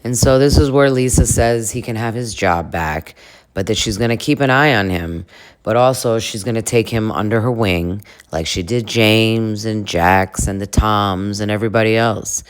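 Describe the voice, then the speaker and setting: A man's voice: lowish voice, moderate pace, clean tone. A man hosting a comedic reaction video, chatting casually with sarcastic asides. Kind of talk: comedic commentary.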